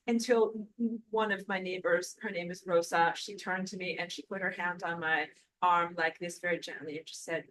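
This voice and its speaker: Young female host, bright tone, eager and animated, chatty story-sharing. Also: fairly low pitch, normal speed, low-quality recording. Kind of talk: casual storytelling livestream.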